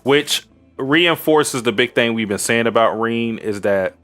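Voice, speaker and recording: A man's voice: medium pitch, measured pace, fairly bright tone, soft background music. A man co-hosting a podcast, casually recapping anime episodes with crude jokes and lots of fillers. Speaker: podcast co-host.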